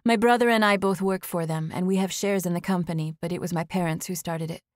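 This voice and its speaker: A woman's voice: lowish voice, steady tone, fast, no echo, lightly acted. A woman narrator voicing a nervous, breathless woman in her thirties who rambles on a phone call, read as audiobook dialogue. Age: 30s.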